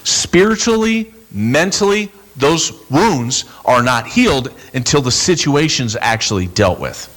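A man preaching a sermon as a pastor, casual and animated, acting out the people in his stories. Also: mid-range voice, unhurried, hardly any pauses. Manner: animated, acts out quoted voices, bursts into shouts.

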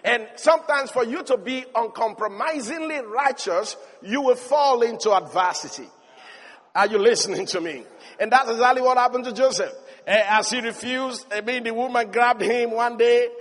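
A high-voiced male preacher delivers a lively, emphatic sermon. His voice swells into shouts of praise, and a long hall reverb trails every phrase. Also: moderate pace. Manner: animated storyteller, rising to shouts of praise.

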